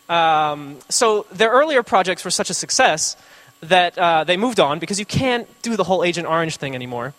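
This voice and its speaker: A man's voice: on the high side, fairly bright tone. A man giving an informal classroom lecture, rambling with joking asides and lots of filler words.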